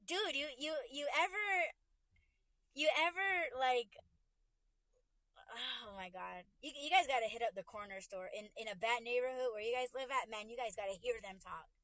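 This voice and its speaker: A woman with a fairly high voice rants bluntly and profanely on a casual livestream, tripping over restarts as she gets worked up. She talks into a phone in her car, and her voice sounds close and dry. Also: normal speed, fairly bright tone, no room sound. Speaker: podcast host.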